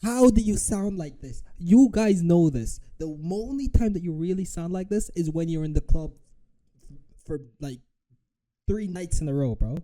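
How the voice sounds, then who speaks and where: A man talking over a clip on his stream, his voice deep-toned and mellow. He swears freely and stays animated. He breaks into mocking impressions of the people on screen. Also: moderate pace. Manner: profane, animated, mocks with impressions. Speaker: reaction streamer. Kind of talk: live reaction commentary.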